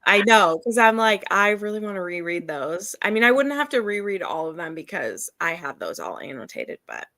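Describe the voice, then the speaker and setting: A woman's voice: medium pitch, very animated, fairly quick, few pauses, pushed and bright, dry recording. A woman hosting a live reading stream, chatting casually and laughing often as she gushes about books. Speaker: readathon host.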